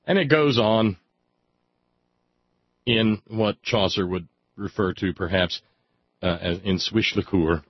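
A man's voice: on the low side, slow, long pauses, husky, dry recording. A man reading aloud in a sardonic comic style, with wry, mock-solemn asides. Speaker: comic reader. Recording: dry, slightly dull lo-fi sound.

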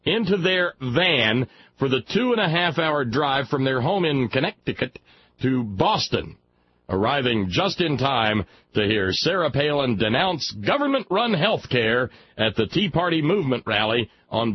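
A man's voice: mid-range voice, very animated, unhurried, dull audio, a little hiss or hum. A man from Alabama hosting a talk radio show, reading a news story aloud and breaking off into mocking, sarcastic asides. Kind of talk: sardonic commentary on a news story.

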